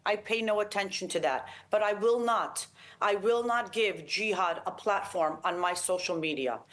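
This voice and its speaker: A woman's voice: mid-range voice, a bit bright. A woman giving an interview, talking in a blunt, combative, emphatic way. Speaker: interview guest.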